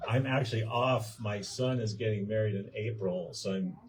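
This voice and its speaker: A man's voice: lowish voice, moderate pace, background noise. A man telling a rehearsed joke on a live stream, a little nervous about getting it right.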